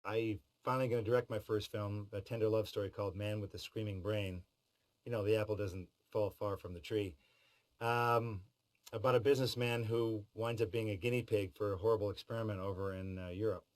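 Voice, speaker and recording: A man's voice: lowish voice, flat delivery, a little fast, rough recording. A middle-aged man talking in a behind-the-scenes interview about voice work, with a wry, joking manner. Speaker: voice actor in behind-the-scenes feature. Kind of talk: interview talk.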